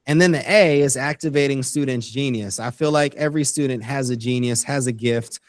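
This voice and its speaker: A man's voice: mid-range voice, fairly quick, dry recording. A man who is a guest educator on a podcast interview, earnestly explaining his ideas step by step. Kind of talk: interview conversation.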